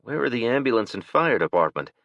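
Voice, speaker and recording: A man's voice: mid-range voice, sing-song, a little fast, a bit bright, dry recording, pitched above the performer's own voice. A man voicing a protective father who takes charge with urgent, commanding speech. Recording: dull, dry lo-fi recording.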